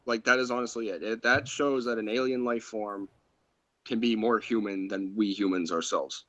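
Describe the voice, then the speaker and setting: A man's voice: fairly low pitch, fairly even intonation, normal speed, fairly bright tone, highs cut off. A man co-hosting a casual movie review chat, talking bluntly, swearing and mocking the characters he dislikes. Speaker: podcast co-host.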